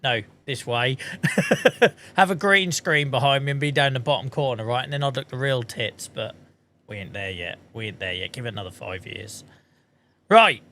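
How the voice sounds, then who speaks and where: A man's voice: medium pitch, lively intonation, normal speed, bright, forceful tone, a little hiss or hum. A man streaming a game, chatting casually in a self-mocking way and swearing casually now and then. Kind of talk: casual livestream chat.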